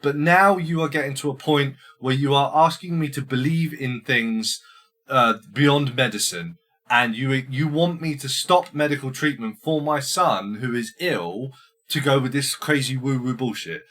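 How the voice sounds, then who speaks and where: A man putting on an angry husband who shouts and swears at his wife in a mocking podcast retelling. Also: medium pitch, measured pace, pitched above the performer's own voice. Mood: indignant.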